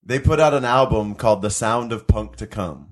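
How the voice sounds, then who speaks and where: A man's voice: lowish voice, normal speed. A man co-hosting a podcast in casual chat, easygoing and filling his talk with likes. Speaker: podcast co-host.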